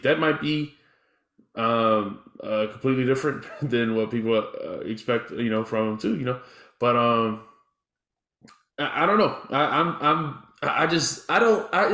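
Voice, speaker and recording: A man's voice: mid-range voice, fairly bright tone. A man co-hosting a music podcast, speaking hesitantly with many stammered restarts. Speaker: podcast co-host. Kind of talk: casual chat. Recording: echoey room.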